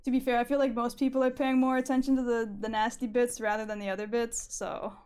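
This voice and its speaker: A woman's voice: a little high, level tone, fast talker, a little mellow, clear, resonant tone. A woman in casual chat on a stream, playful and joking, laughing often. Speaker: streamer co-host.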